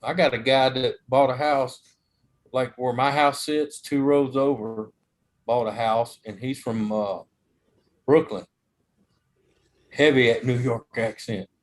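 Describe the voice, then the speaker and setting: A man chats casually on a live stream, telling rambling stories. His voice sits at a middle pitch, and he laughs often as he goes. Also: fairly even intonation, slow, pauses often.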